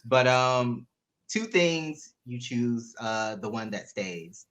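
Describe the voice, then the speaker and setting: A man co-hosting a casual video-call interview, playful and giggly as he runs a quick game. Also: medium pitch, expressive, fairly bright tone. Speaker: podcast co-host.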